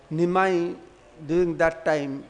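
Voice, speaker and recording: High-voiced monk telling stories. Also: male voice. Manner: storytelling, acting out quoted voices, often laughing. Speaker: monk giving a scripture class. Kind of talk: devotional class lecture.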